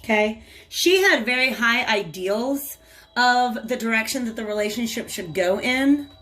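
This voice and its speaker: A woman's voice: fairly high pitch, animated, a little slow, a bit bright, faint music behind. A woman giving a casual tarot reading, chatting to viewers and talking to the cards as she goes. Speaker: tarot reader.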